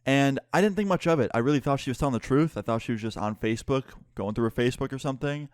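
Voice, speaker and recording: A man's voice: mid-range voice, fast talker, clean tone, no echo, clean studio sound. A young man casually retelling a personal story for his channel, candid and cursing freely. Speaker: YouTuber.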